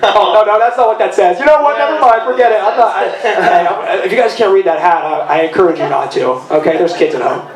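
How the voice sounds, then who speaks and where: A man hosting a casual live podcast in a bar, talking fast with lots of restarts. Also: sits high, a loud crowd. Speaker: podcast host. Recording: echoey live room.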